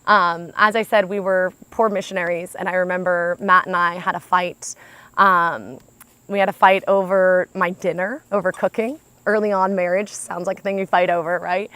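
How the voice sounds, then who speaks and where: American woman, storytelling talk to parents, animated and chatty, dry close sound. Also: lowish voice, normal speed, no echo. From United States. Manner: animated, chatty, often says "like". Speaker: speaker.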